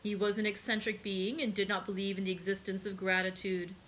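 A woman's voice: mid-range voice, little pitch movement, fairly quick, a bit bright, slight background noise, natural voice, rough recording. Woman reading as a grave, reserved nobleman. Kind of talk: read-aloud storytelling.

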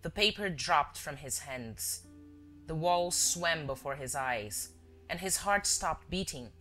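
A woman narrating a story in a measured, expressive reading. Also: deep voice. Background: faint music.

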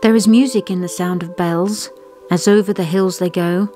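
Lower-voiced woman reciting a ballad. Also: steady tone, dark tone, soft background music. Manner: measured recitation. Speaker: co-host. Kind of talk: reading a poem aloud.

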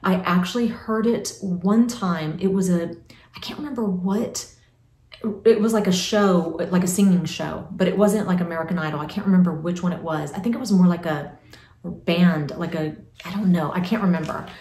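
A woman's voice: on the low side, normal speed, darkish tone, reverberant. A woman in her forties chatting casually through a Q&A vlog, rambling with lots of fillers and restarts. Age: 40s. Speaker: vlogger.

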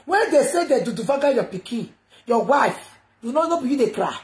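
Nigerian woman ranting live on her phone, high voice, loud chants, lots of room echo. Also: very animated, a little fast. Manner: loud, chanting slogans, switching between muttering and shouting. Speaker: live video host. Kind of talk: impassioned live-stream rant. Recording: echoey noisy live phone video.

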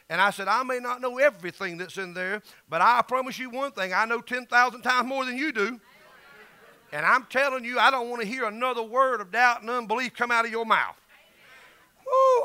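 A man's voice: very high-pitched, pushed and bright. A middle-aged man with a Southern US accent, preaching an emphatic, folksy sermon as pastor.

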